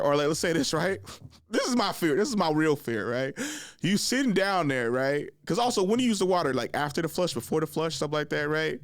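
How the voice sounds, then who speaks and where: A man's voice: fairly high pitch, no room sound, clean studio sound. A man hosting a podcast in casual chat, rambling and slangy, often laughing. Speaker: podcast host.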